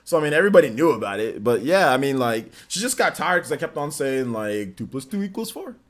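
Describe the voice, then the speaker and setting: A man hosting a casual livestream chat, telling animated stories and laughing often. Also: medium pitch, fast talker. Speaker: host. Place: indoors under studio lights. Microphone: on camera.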